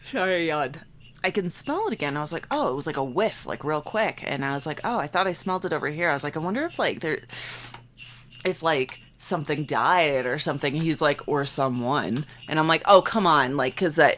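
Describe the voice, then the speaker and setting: A woman in her late twenties tells a creepy story to her co-hosts, her voice sitting low in pitch. She talks loosely, leaning on "like" and acting out what everyone said. Faint noise runs under the recording. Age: late 20s. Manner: animated, acts out quotes, many "like" fillers. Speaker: podcast co-host. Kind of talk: casual storytelling.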